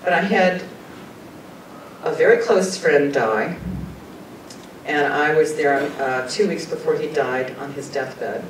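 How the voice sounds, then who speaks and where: A woman's voice: slow, long pauses. Woman telling a story, echoey and distant. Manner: earnest, conversational, often laughs and quotes people. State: emotional, choking up at times. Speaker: guest speaker sharing personal experiences. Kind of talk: personal storytelling talk. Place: meeting room at a talk. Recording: far-off echoey room with rumble.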